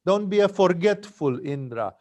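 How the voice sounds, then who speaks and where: A man's voice: high voice, expressive, moderate pace, darkish tone. A man teaching yoga, telling stories in a conversational spiritual talk with frequent tag questions.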